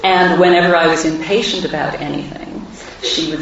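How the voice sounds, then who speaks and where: A woman's voice: fairly low pitch, fairly even intonation, normal speed, background noise. A woman telling personal stories to a live audience with wry humor, recorded from a distance in a large hall. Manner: warm anecdotal, wry humor. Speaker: speaker at a live talk event. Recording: echoey hall, distant mic, dull sound.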